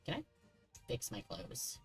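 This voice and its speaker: A man's voice: a little slow, faint music behind, low-quality recording. A man streaming a horror game, chatting casually and joking with the characters on screen. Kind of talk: casual gameplay commentary.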